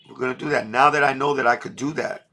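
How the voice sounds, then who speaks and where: A man's voice: medium pitch, steady tone, fast talker, pushed and bright, soft background music. A middle-aged man talking emotionally on a livestream, blunt and full of street slang. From New York. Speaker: livestream host. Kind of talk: emotional casual livestream talk.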